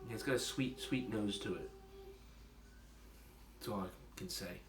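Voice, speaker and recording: A man's voice: on the low side, measured pace, distant mic. A man rambling casually as he tastes and reviews his own homebrewed beer, with lots of fillers and self-deprecating asides. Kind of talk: casual tasting vlog. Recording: roomy and noisy, from off the mic.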